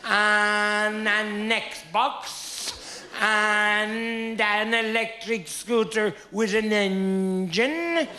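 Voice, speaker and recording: A man with a Dublin accent doing live stand-up comedy, telling broad, animated stories with pauses for punchlines. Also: high-pitched, reverberant.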